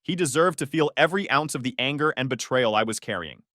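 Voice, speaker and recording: A man's voice: medium pitch, lively intonation, fast, bright, forceful tone, dry recording, clean studio sound. A man narrating a dramatic personal story in the first person, telling it with emotion and heat. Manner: emotional, with angry outbursts in quoted lines.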